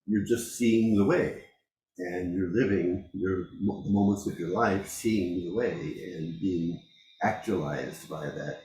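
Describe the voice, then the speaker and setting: A man giving a dharma talk as a Zen teacher, reflective and unhurried, pausing often and laughing softly. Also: sits low, reverberant, rough recording. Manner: slow, reflective, with frequent pauses and soft laughs.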